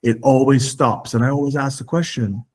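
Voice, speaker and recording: A man's voice: mid-range voice, steady tone, moderate pace. A man speaking as an interview guest, emphatic and insistent, often repeating words as he presses a point and acting out imagined questions. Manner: acts out imagined questions in a raised voice. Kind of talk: interview conversation.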